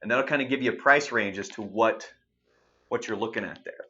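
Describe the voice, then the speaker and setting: Bright-voiced casual male radio host. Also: fairly low pitch, a little fast, lo-fi sound. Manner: animated, swearing, acts out quotes. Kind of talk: casual storytelling chat.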